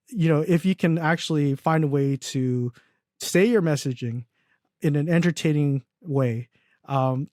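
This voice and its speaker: A man's voice: a little high, darkish tone, no room sound, clean studio sound. A young man talking casually as a podcast guest, rambling with lots of fillers and restarts and laughing at his own stories. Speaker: podcast guest, agency founder. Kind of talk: casual interview chat.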